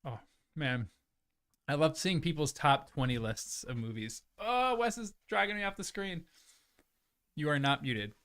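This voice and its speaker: A man's voice: fairly high pitch, animated, a little slow, long pauses, a bit bright, clean tone, no echo, studio quality. A man hosting a livestream, chatting loosely and apologetically with his viewers, sometimes talking through a mouthful of food. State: chewing food at times. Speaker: livestream host. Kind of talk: casual chat with live viewers.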